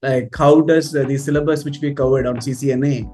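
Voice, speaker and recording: A man with an Indian English accent asks questions in a chatty, easygoing way, his voice at an ordinary middle pitch. Faint music sits under the talk. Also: fairly even intonation, fairly quick, a little mellow. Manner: chatty, laughs often, repeats words. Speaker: trainer and interviewer. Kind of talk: casual interview.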